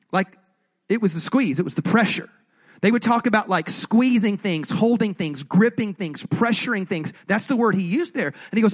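A man's voice: high voice, breathy edge. A male pastor giving a sermon in a conversational, jokey way, often asking the audience questions.

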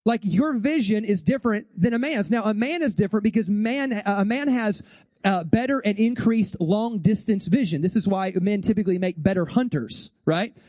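A middle-aged pastor delivers a funny, conversational sermon in a notably high voice, talking right to the crowd and acting out quick bits. The sound is dry and close, with almost no room around it. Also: male voice, lively intonation, darkish tone, no echo. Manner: chatty, joking, addresses the congregation directly; acts out voices and gestures in quick asides. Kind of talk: humorous sermon.

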